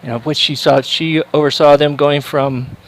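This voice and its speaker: A male commentator with a fairly high voice passes the time on a sports livestream with casual chat. He rambles from one thought to the next, and his talk is packed with fillers, restarts and asides. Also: little pitch movement, normal speed, rough recording.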